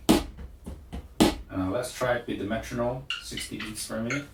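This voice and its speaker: A man's voice: medium pitch, moderate pace, pauses often, heavy background noise. A man teaching a drum lesson, counting beats aloud and explaining in plain words. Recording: echoey room, far from mic, loud drumming. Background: drum pad and metronome clicks.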